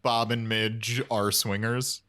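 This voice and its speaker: A man with a lowish voice talks through a podcast chat in an easygoing, enthusiastic way. He rambles and piles on fillers as he builds his points. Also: little pitch movement, slow pace, sharp tone. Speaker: podcast co-host. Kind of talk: casual chat.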